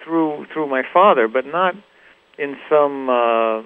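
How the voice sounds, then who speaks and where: A middle-aged man, a guitarist guest in a radio interview, telling stories in a relaxed, rambling way with many fillers and restarts. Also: fairly high pitch, takes it slowly, clear, resonant tone, phone-quality sound. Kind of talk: casual interview storytelling.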